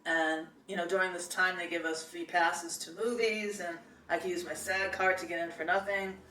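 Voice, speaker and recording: A woman's voice: lowish voice, fairly even intonation, moderate pace, sharp tone, far from the mic, a little hiss or hum. Chatty New woman telling a story. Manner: chatty, meandering, many fillers and restarts. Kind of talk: casual personal storytelling. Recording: echoey room, voice set back from the mic.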